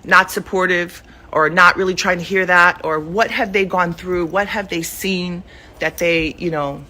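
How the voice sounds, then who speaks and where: A woman's voice: lowish voice, fairly even intonation, unhurried, sharp tone. A middle-aged mother speaking emotionally and heatedly to camera from her living room, rambling with many fillers. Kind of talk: emotional direct-to-camera statement. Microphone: self-recorded camera video.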